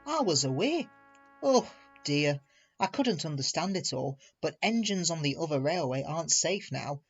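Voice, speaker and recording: An earnest little engine with a squeaky, fretful voice, as a man puts him on for a storybook. The voice sits well above the reader's own, with a breathy edge and soft music under a muffled recording. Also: very animated, normal speed, exaggerated voice. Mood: worried. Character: small fretful green tank engine boy.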